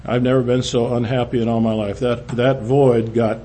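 An older man telling a personal testimony to a church, halting, with frequent restarts, often dropping low and quiet. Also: level tone, slight background noise. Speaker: speaker giving testimony.

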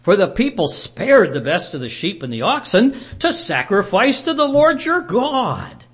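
Man reading as a boastful old-world king who justifies himself at length, in a voice that jumps higher and louder than his usual talk. He insists on his own case with a lively, rising delivery. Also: a little slow, heavily acted. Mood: defensive. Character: ancient male king, proud and defensive.

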